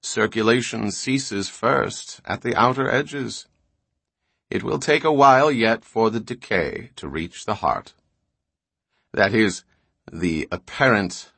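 A grave, patient old scholar lays out his history in calm explanations, as a man reads him in an audiobook. The voice is lowish and the sound close and dry. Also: creaky, slightly rough, no echo, full character voice.

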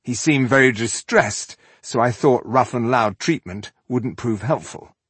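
A man voicing a gentle, coaxing male adventurer. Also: mid-range voice, unhurried, slightly rough, no echo, pitched above the performer's own voice.

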